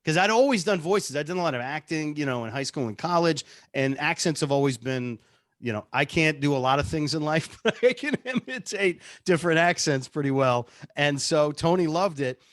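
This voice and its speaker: A man's voice: fairly high pitch, brisk, no room sound, clean studio sound. A man, a radio producer, telling stories casually in an interview, chatty and self-deprecating. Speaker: radio show producer and on-air personality.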